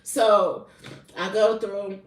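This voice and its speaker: This young adult spiritual reader talks extremely slowly, her medium-pitched voice barely moving in pitch, as she recounts a personal story in a candid, casual, heavily profane confessional style. The recording sounds roomy and echoey from a distant mic.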